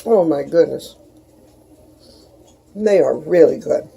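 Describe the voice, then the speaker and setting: A woman's voice: sits low, animated, slow pace, gravelly, mellow, husky. A middle-aged woman, chatting casually in her kitchen as a home cooking vlogger and rambling in homey asides to her viewers.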